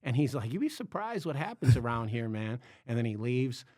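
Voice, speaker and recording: A man hosting a podcast, telling a long story in a casual, animated way, acting out quotes and laughing often. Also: mid-range voice, fairly quick, no room sound, studio quality. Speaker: podcast host, comedian.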